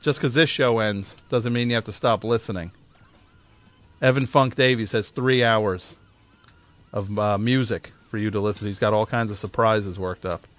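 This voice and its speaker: A man's voice: fairly low pitch, fairly even intonation, moderate pace, dry recording, faint music behind. A man hosting a call-in radio show, sarcastic and exasperated, mocking his callers. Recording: slightly dull studio recording.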